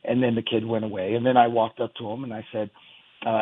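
A man calling in to a radio show, telling a story in a rambling, halting way over a phone line. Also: mid-range voice, flat delivery. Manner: rambling, halting, many restarts. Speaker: caller.

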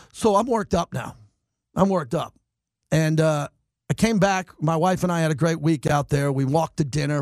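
Fired-up sports radio host, high voice. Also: male voice, dry recording, clean studio sound. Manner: animated, rants and mocks in quick bursts. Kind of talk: fired-up sports talk monologue.

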